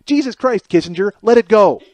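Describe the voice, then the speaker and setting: Alone on his own podcast, a comedian riffs through an exasperated, sarcastic, profanity-laced monologue, animated and a little fast. His voice sits high for a man and is a little mellow, recorded close and dry with no room sound or echo.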